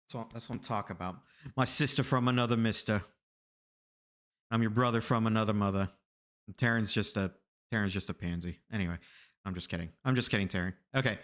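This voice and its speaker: Animated rambling man with a bright voice. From Florida, USA. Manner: animated, rambling, repeats himself, laughs often; acts out the people in his stories with sudden high loud bursts. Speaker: streamer telling stories. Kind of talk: casual storytelling to a live chat.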